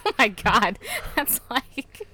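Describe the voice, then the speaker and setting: A young adult woman, a comedian, chatting casually on a podcast, giggling often and tossing in quick asides. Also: fairly high pitch, very animated, bright, forceful tone, a little hiss or hum. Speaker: comedian guest.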